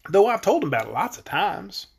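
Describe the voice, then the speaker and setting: An earnest little farm girl from a storybook, put on by a man reading aloud. Her voice sits higher than his own, with a breathy edge and lively rises and falls. She talks in plain, homespun words. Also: a little fast, full character voice. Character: earnest young farm girl, worried and eager.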